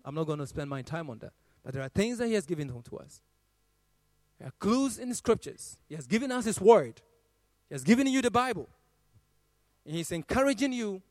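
A man with a high voice preaches a sermon. He quotes scripture in a swelling, half-sung cadence. The sound is dry and close, with no room echo.

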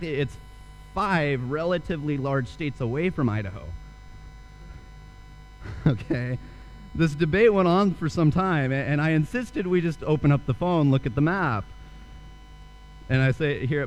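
A man's voice: a little high, lively intonation, unhurried, pauses often, a little hiss or hum, poor audio. A young man preaching a sermon, telling a story and then asking earnest rhetorical questions. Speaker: pastor.

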